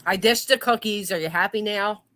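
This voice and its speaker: A woman's voice: mid-range voice, moderate pace, bright, forceful tone. A woman hosting a livestream, chatting casually and swearing freely. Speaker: stream host. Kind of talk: casual chat.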